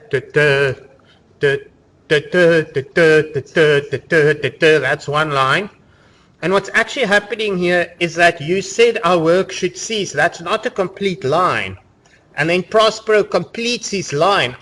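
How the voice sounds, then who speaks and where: A man's voice: fairly high pitch, sharp tone. A man giving a university literature lecture in a loose, conversational way, full of fillers and restarts. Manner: conversational, explaining with many fillers. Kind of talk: classroom lecture. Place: lecture room.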